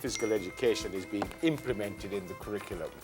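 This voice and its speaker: A man with a Jamaican accent, co-hosting a morning TV show with relaxed banter and careful news reading. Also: on the low side, faint music behind. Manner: relaxed banter, reads quoted text slowly. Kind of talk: studio chat and news reading. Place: TV studio.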